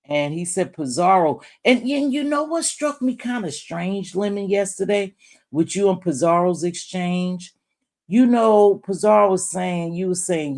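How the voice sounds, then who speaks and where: A woman's voice: lowish voice, a little slow, a little mellow. Woman streamer, loose rambling commentary, chats straight to viewers and fellow creators. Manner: rambling, talks straight to chat and other creators; calls viewers terms of endearment. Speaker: YouTube live-stream commentator. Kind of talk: casual live-stream commentary.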